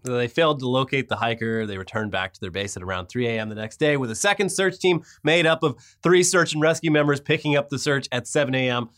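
A man's voice: medium pitch, expressive, fast, few pauses, fairly bright tone. A man co-hosting a casual chat, blunt and swearing casually, who also reads news stories aloud. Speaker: podcast co-host.

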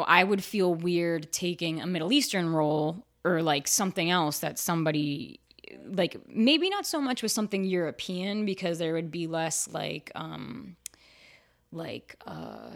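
A woman actor and writer talking frankly in a casual interview, full of "like" fillers, her voice jumping high whenever she quotes herself. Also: expressive, unhurried. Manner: chatty and frank, fillers like "like", jumps high when quoting herself. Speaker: actor and writer, podcast guest.

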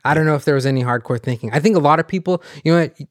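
A restaurant owner guesting on a podcast races through casual chat in a fairly high voice, recorded dry and studio-clean. He's loose and profane, often making jokes at his own expense.

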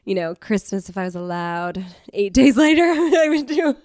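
A woman in her thirties chats in a rambling, giggly way, her pitch leaping up and down with lively swings. The sound is close and dry, with no room around her. She reads bits from an old diary between stories. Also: normal speed, no room sound. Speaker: podcast co-host. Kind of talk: casual chat, reading old diary entries aloud.

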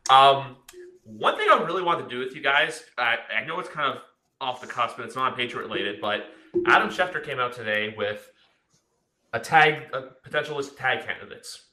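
A young man hosting a casual sports podcast, telling stories in an excited, rambling way. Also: medium pitch, moderate pace, reverberant. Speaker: podcast host.

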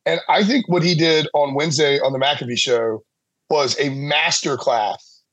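A male sportswriter chatting as a podcast guest. His voice sits a little high, and he rambles in a self-deprecating way, laughing often. The recording is dry and close. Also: moderate pace, fairly bright tone, dry recording. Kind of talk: casual sports chat.

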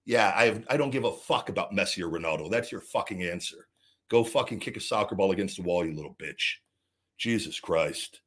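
A middle-aged man hosting a live show and answering viewer questions, swinging between profane, heated ranting and calm, rambling advice, with frequent repeated words and restarts. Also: fairly low pitch, fairly quick. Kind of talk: unscripted livestream chat.

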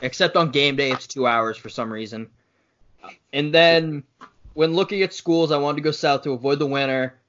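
A man's voice: a little high, moderate pace, fairly bright tone, muffled recording. Dry-humored podcast co-host, a man. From Massachusetts. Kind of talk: casual podcast chat.

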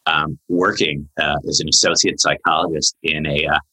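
A man in his forties, a psychologist guest on a podcast, telling a long story in a lively, chatty way with lots of fillers. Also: extremely low pitch, moderate pace, low-quality recording. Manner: animated storyteller, many "like" fillers.

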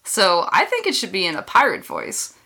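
Bright-voiced, easygoing woman guest. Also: mid-range voice, wildly swooping pitch, moderate pace, vocal fry, breathy edge. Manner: laughing, easygoing, filler-heavy. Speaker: game designer guest. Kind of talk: casual podcast chat.

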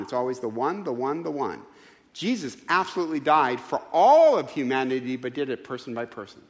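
A man's voice: fairly high pitch, very animated, a little fast, big-room sound. A man preaching a sermon in a church, emphatic and full of rhetorical questions. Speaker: pastor. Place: church sanctuary.

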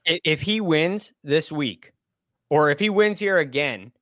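A man's voice: a little high, expressive, a little slow, fairly bright tone, dry recording, studio quality. A man on a golf podcast, eagerly sharing insight in a chatty way with frequent ums. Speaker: podcast analyst. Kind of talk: casual sports podcast chat.

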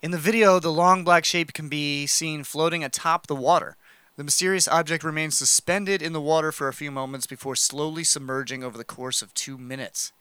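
A man's voice: a little high, fairly even intonation, fairly quick, pushed and bright, clean tone, no room sound. A man co-hosting a casual podcast, joking around and reading a news story aloud with asides. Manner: laid-back, joking, reads articles aloud with asides. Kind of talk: casual chat.

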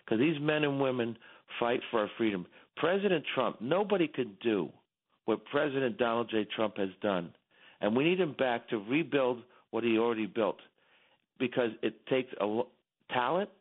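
A middle-aged man calling in as a radio guest, giving fervent, repetitive political commentary with many restarts, heard over a phone line. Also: mid-range voice.

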